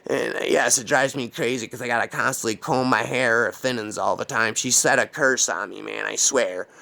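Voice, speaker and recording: A man's voice: medium pitch, normal speed, creaky, bright, forceful tone. A man telling a crude comedic horror story in a rambling, profane, casual way.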